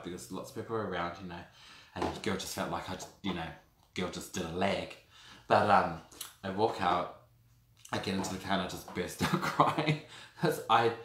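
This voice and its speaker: A man, telling a personal story to camera in a camp, theatrical way. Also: sits low. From New Zealand. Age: 30s. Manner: animated, camp and theatrical, calls the audience girl and darlings. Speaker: vlogger. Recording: echoey room.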